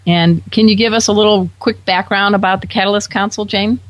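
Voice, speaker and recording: A woman's voice: medium pitch, steady tone, fairly quick, lo-fi sound. A woman hosting a pet radio talk show, bubbly and enthusiastic with playful asides.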